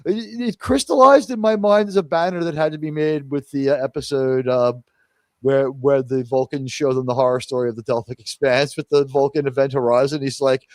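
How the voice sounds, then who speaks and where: A man's voice: mid-range voice, steady tone, normal speed, darkish tone, no room sound, clean studio sound. A man hosting a live-stream review chat in a casual, rambling way, full of fillers and restarts. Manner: rambling, many restarts and fillers, quotes others in mock voices. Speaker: host of a live review show.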